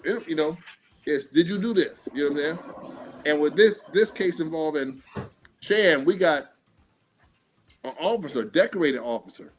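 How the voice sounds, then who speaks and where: A man hosting a casual streamed talk show, speaking in an animated, profane way and acting out quotes. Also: on the high side, normal speed, pauses often. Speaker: podcast host.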